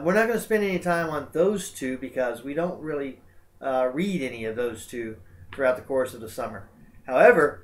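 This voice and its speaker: Casual lecturing man with many fillers. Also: mid-range voice. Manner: relaxed, conversational, frequent uh and um fillers. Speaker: college English instructor. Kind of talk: recorded lecture over slides.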